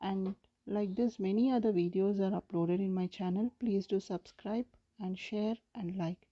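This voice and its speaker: A woman English teacher reading a vocabulary list in a steady, measured way. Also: medium pitch, muffled recording.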